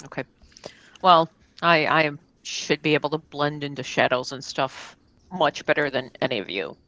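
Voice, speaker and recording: A woman's voice: sits low, moderate pace, sharp tone, no room sound, low-quality recording. A woman playing her character in a tabletop game, curious and full of questions. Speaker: player.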